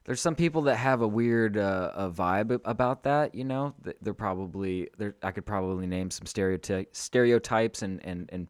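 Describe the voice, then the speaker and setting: A man chats casually on a podcast, rambling and relaxed, leaning on "like" and "you know." His voice sits fairly low. The sound is dry and close to the mic. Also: moderate pace, hardly any pauses, dry recording. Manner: laid-back, rambling, filler-heavy. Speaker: podcast co-host. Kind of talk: casual chat.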